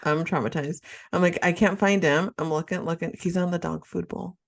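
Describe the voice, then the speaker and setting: A woman co-hosting a chatty podcast tells her story with dramatic flair. Her voice sits on the low side, and she leans into every twist of the tale. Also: steady tone, fairly quick, gravelly. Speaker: podcast co-host. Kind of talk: casual chat, storytelling.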